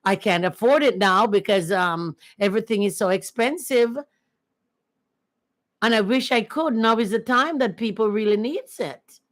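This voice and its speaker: A woman's voice: mid-range voice, moderate pace. A woman chatting casually and earnestly on her first livestream, repeating herself often. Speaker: livestream host.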